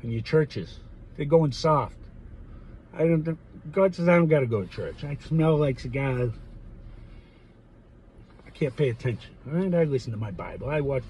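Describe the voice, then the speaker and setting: A man delivering a digressive opinion monologue for his vlog. He often loses his thread and turns loud and indignant in bursts. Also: mid-range voice, lively intonation, normal speed, pauses often, a little hiss or hum, low-quality recording. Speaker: vlogger.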